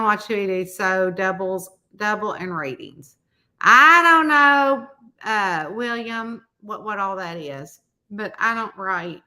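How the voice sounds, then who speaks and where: A woman's voice: mid-range voice, pushed and bright. A middle-aged woman, a mystery author chatting casually on a live stream, rambling through folksy stories and reading out viewer comments.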